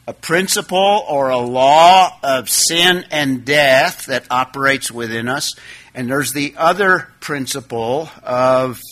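A man delivers a teaching sermon at an unhurried, measured pace. His voice has a bright, forward edge. He leans hard on single words to drive each point home. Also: mid-range voice. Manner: teaching, stressing key words; slow and deliberate. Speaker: preacher. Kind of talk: expository sermon.

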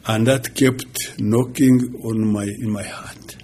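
A man in his sixties, a pastor giving a halting, chuckling personal testimony. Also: on the low side, steady tone, darkish tone, slight background noise. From Uganda. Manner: slow, halting storytelling with chuckles.

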